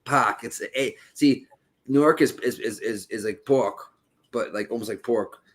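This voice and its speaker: A man's voice: lowish voice, normal speed. A man in his late thirties with a Boston accent, talking in casual podcast chat, rambling with restarts and frequent swearing. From Boston area.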